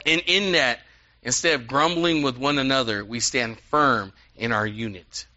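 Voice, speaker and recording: A man preaching a sermon in an animated, conversational way, with quick asides to the congregation. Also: medium pitch. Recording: dull lo-fi sound.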